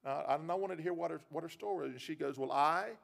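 A man's voice: on the high side, racing, creaky, a little mellow. A middle-aged man preaching a sermon, folksy and given to repeating himself. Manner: folksy storytelling, repeats words. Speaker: pastor. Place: church.

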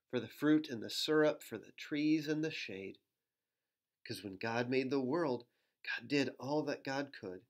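A male pastor reads a rhyming children's book aloud in an easy, mid-pitched voice. He slips into playful asides for young listeners and joins in with animal noises. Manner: gentle storytelling with playful asides and animal sounds.

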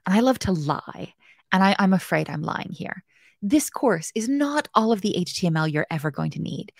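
A woman's voice: mid-range voice, a little mellow, no room sound, studio quality. A woman hosting a live web development lesson. She is chatty and playful, mocks herself, and talks straight to viewers in the chat. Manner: chatty, playful and self-mocking. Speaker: web development bootcamp host. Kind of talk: casual live-stream coding tutorial.

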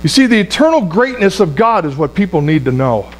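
High-voiced man preaching a sermon. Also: sing-song, fairly quick, a little hiss or hum. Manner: emphatic preaching with repeated phrases and congregation call-outs; restarts and stumbles over words. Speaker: pastor.

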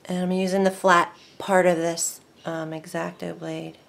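Chatty excitable woman crafting. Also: lowish voice, unhurried, creaky. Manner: chatty, excitable, talks to herself while working. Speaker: craft video host. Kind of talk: casual crafting tutorial.

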